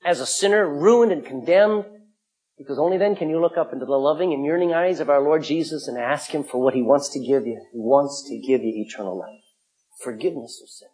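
A middle-aged male pastor preaching a sermon, emphatic, swinging from loud calls to hushed asides. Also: fairly high pitch, brisk, breathy edge.

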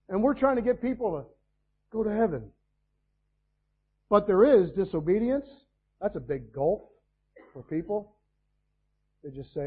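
A man preaching a sermon, telling stories and then rising in loud bursts of emphasis. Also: high-pitched, lively intonation, moderate pace, breathy edge, phone-quality sound. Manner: preaching with sudden loud climbs.

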